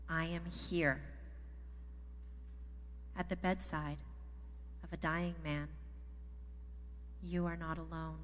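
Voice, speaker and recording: A woman reading a gentle story aloud in a church service, softly repeating a calm refrain. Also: on the low side, a little slow, pauses often, a little hiss or hum. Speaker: story reader in worship service. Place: church sanctuary. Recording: echoey sanctuary with long reverb.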